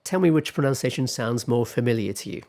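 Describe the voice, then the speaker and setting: A man giving a pronunciation lecture, speaking deliberately and repeating example words several times to demonstrate them. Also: medium pitch, expressive, darkish tone.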